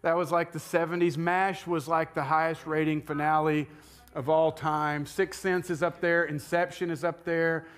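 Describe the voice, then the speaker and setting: Guy preaching a sermon, chatty, tosses questions at the crowd, voice on the high side. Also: flat delivery, moderate pace, smooth. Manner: conversational, jokes with the congregation and asks them questions. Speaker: pastor.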